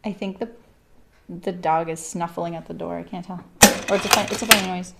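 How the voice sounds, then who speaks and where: A woman's voice: on the low side, steady tone, brisk, creaky, very noisy. Chatty woman sewing on a livestream. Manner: chatty, rambling, laughs often. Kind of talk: casual chat while sewing live.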